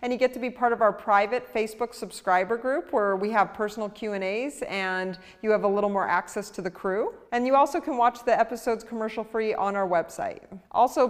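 A woman's voice: mid-range voice, big-room sound. A woman hosting an investigative show, talking in a chatty, casual way. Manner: chatty, uses lots of "like". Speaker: host and investigator. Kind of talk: casual interview talk and promo read.

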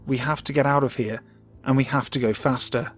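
A man's voice: mid-range voice, fairly even intonation, fairly quick, faint music behind, lightly acted. A man voicing a panicked man screaming over a radio. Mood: frantic. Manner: hysterical, shouting, pleading.

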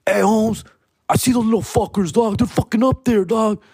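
A man's voice: sits high, steady tone, moderate pace, husky, no echo, studio quality, pitched above the performer's own voice. A man putting on a hyped-up young gang member. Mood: excited. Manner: hyped, slangy, shouting. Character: angry young male gang member, excited.

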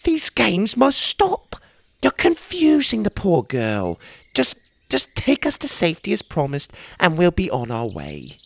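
A man's voice: sits high, huge pitch swings, creaky, pitched above the performer's own voice, heavily acted. A man voicing a stern, scolding mother. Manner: firm, scolding, deliberate. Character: stern woman, a mother who has lost her memory.

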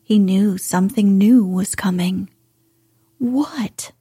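A woman hosting a podcast for sleep, reading a story in a slow, soft, soothing voice that drifts into whispers. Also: medium pitch, slightly rough, no room sound, clean studio sound. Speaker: podcast host and reader.

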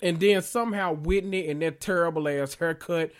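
A man's voice: a little high, moderate pace, clean tone. A man hosting a casual reality TV recap vlog, sassy and gossipy, laughing often as he rambles.

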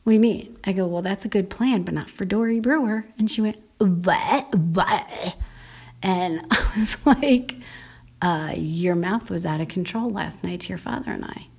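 A woman's voice: on the low side, a little fast, creaky, hardly any pauses, a little mellow, husky. A woman chatting casually on her husband's podcast, explaining how she handles her kids and quoting what they say. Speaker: podcast co-host, host's wife. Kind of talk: casual conversational chat.

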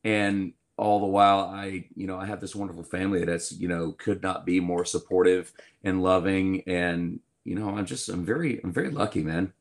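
Lively storytelling Southern man, low voice. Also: moderate pace, few pauses. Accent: Southern US, light. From Georgia, US. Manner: animated storyteller, acts out quoted voices. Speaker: guest musician. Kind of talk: casual interview chat.

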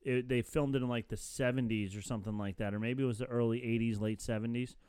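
A man's voice: mid-range voice, fairly even intonation, quick pace, mellow, clean tone, no echo, studio quality. A man co-hosting a casual podcast, talking in a loose, rambling way with many fillers. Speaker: podcast co-host. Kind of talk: casual chat.

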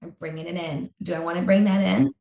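A woman's voice: lowish voice, fairly even intonation, fast, creaky, dark tone, roomy sound, muffled recording. A woman speaking as an interview guest in a candid conversation, emphatic and repeating phrases for effect.

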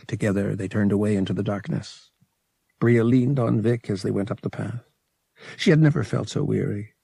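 A man narrates a novel in a low, gravelly voice. His storytelling is measured and expressive, with a slightly husky edge. The sound is dry and close. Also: dry recording. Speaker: audiobook narrator.

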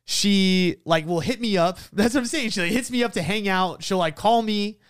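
A young man tells a personal story on his podcast, his voice bright and sitting high. He talks animatedly, with plenty of fillers and quick laughs. The sound is smooth and very dry, with no room echo. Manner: animated, frequent "like" fillers, laughs while venting. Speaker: podcast host. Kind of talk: casual storytelling monologue.

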